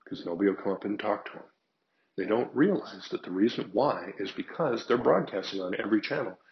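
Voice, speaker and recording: A man's voice: on the low side, fairly quick, muffled recording. An older man telling frank stories in a casual monologue, acting out both sides of conversations. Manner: frank, animated storytelling with acted quotes.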